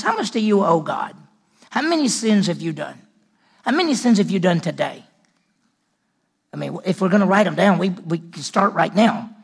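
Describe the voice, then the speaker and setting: A man preaching a sermon in a high, gravelly voice with a husky edge. He leans hard on some lines and drops others to a hushed near-whisper. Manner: dramatic swings from loud emphasis to hushed near-whisper. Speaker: pastor.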